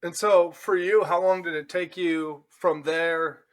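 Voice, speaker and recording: A man with a fairly high voice hosts a casual podcast interview. He talks informally and carefully qualifies his opinions before making them. He keeps checking in with his guest by asking "right?". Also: steady tone, a little slow. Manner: hedging, qualifies his points, tags lines with "right?". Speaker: podcast host.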